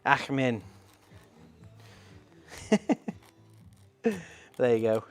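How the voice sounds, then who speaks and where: A man's voice: fairly high pitch, lively intonation, moderate pace, faint music behind. A man hosting a casual live stream, chatting in a rambling way and reading out viewer comments.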